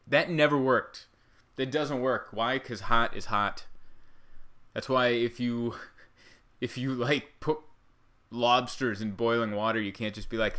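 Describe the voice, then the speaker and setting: A man's voice: mid-range voice, measured pace, long pauses, pushed and bright. A man hosting a podcast from his living room, delivering a rambling, sarcastic, self-deprecating comedic monologue. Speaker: podcast host.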